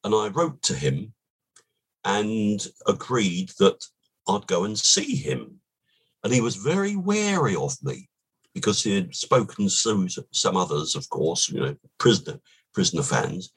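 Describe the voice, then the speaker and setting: An older man with a low, husky voice and a lively, rising-and-falling delivery. He tells his stories slowly and at length, a guest settling into a relaxed chat. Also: poor audio. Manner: unhurried anecdotal telling, lively pitch. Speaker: podcast guest. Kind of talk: relaxed storytelling.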